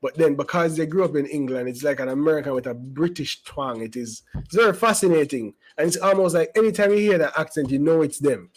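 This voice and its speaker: Rambling man, higher voice. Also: fast, hardly any pauses, poor audio. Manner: rambling, emphatic, with asides and restarts. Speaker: channel host giving social commentary. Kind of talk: casual commentary to camera.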